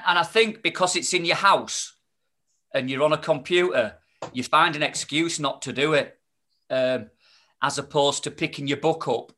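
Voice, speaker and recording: A man's voice: mid-range voice, sharp tone. A man, chatting as a podcast guest, rambling with many restarts and fillers. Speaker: podcast guest, spoken-word performer. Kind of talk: casual podcast chat.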